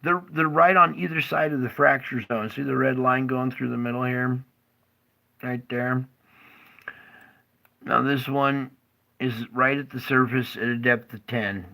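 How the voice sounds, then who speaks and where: A man's voice: medium pitch, fairly even intonation, gravelly, bright, forceful tone, rough recording. A middle-aged man casually explaining earthquake activity over a map, who keeps slipping into fits of laughter. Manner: slow, drawling, breaks into fits of laughter. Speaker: earthquake forecaster.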